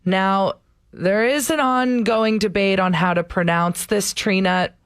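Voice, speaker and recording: Female morning radio co-host, chatty and easygoing, mid-pitched, close dry mic. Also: unhurried, clear, resonant tone, dry recording. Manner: chatty, laughs easily. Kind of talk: casual radio chat.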